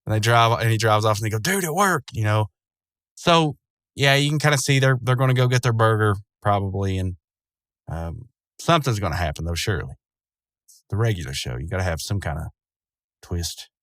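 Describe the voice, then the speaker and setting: A man's voice: on the low side, fairly quick, pauses often, a bit bright, no room sound. A man casually retelling a cartoon episode, rambling with lots of fillers and frequent chuckles. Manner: rambling, loose, chuckling often, many fillers. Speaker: show recapper.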